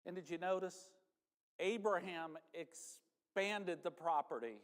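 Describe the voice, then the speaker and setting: A man's voice: sits high, takes it slowly. A man preaching a sermon in a church, conversational and folksy, speaking straight to the congregation. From northern United States. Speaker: pastor. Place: church sanctuary. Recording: church hall reverb.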